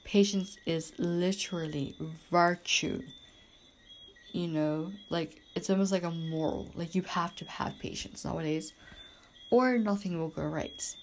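A woman's voice: lowish voice, moderate pace, darkish tone, slight background noise. A woman from Bermuda, hosting a podcast in a rambling, emphatic casual monologue. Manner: rambling and emphatic, heavy use of "like" and "literally". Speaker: podcast host.

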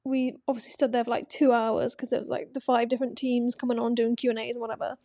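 Young woman co-host, high mellow voice, chatty and dry-recorded. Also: flat delivery, fast talker, no echo. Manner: chatty, quoting herself, many fillers. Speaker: podcast co-host. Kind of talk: casual chat.

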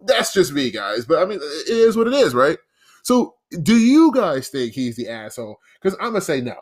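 A young adult man hosts his own podcast alone, ranting casually and sarcastically and restarting his sentences often. His fairly high voice swings widely in pitch at a moderate pace.

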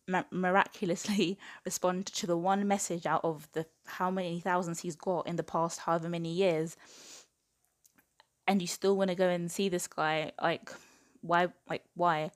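A young woman in her twenties rants through a casual book review, her voice sitting a little low. She talks in a chatty, exasperated way and fills her sentences with "like". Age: 20s. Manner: exasperated, chatty rant full of "like".

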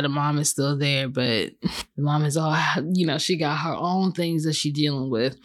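A woman hosting a podcast, chatting casually and retelling a film with lots of fillers and sudden high-pitched acted outbursts. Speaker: podcast host reviewing a film. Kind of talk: casual chat.

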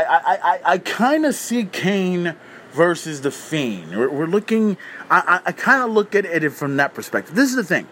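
A man's voice: on the high side, fairly bright tone, a little hiss or hum. A man hosting a podcast, giving a heated, opinionated rant with incredulous questions and stumbling restarts. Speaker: podcast host.

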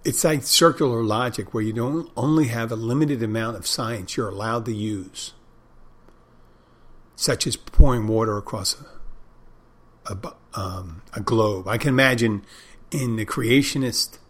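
A man's voice: mid-range voice, a little slow, fairly bright tone. A man hosting a show, talking to his listeners in a casual, meandering monologue that often stops to correct itself and lose its thread. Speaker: podcast host.

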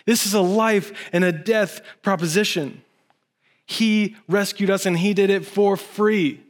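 A man in his thirties preaching a sermon in a church, moving from low earnest passages to excited, high-pitched bursts. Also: measured pace. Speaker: pastor.

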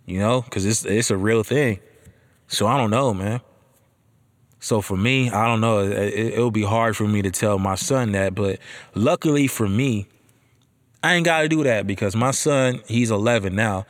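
A man in his thirties hosting a casual monologue. He talks in an animated, slangy way and swears a lot. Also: lowish voice, moderate pace.

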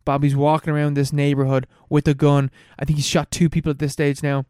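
Man, slightly high voice, dry close sound, rambling film recap in casual chat. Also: flat delivery, darkish tone, clear, resonant tone, no echo. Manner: rambling, laughing, swearing, fast storytelling.

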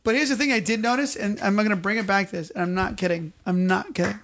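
Guy w a high gravelly voice rambling thru a dumb story on a podcast, keeps repeating himself. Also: fairly even intonation, quick pace, a bit bright, slight background noise. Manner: rambling, repeats phrases, acts out quotes. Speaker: podcast co-host. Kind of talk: comedic storytelling chat.

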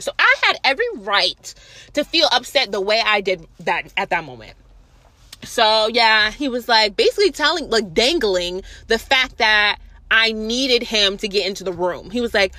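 Animated young woman telling a story. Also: fairly high pitch, no echo. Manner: animated, profane, acts out others' voices. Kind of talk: casual storytime.

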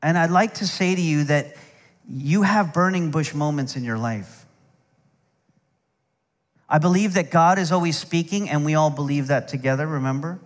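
Middle-aged pastor, joking storyteller sermon, lightly raised pitch, reverberant hall. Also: male voice, normal speed, pauses often. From United States. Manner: storytelling with humor and asides.

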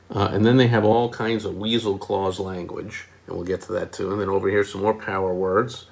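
A man's voice: on the low side, fairly even intonation, a little fast, vocal fry, hardly any pauses. A man, a marketing consultant, critiquing advertising copy in a casual explainer, punching key words with emphasis and mocking asides.

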